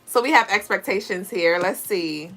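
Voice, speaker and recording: A woman's voice: medium pitch, moderate pace, fairly bright tone, faint music behind. Chatty woman giving a live tarot reading. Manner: chatty and playful, laughing often, talks to chat viewers. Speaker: livestream tarot reader and astrology host.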